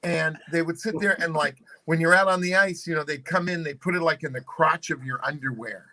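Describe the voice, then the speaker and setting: An older man, a guest actor on a video call, telling animated stories with frequent restarts and laughter. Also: fairly high pitch, fairly quick, rough recording. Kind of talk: casual storytelling on a video call.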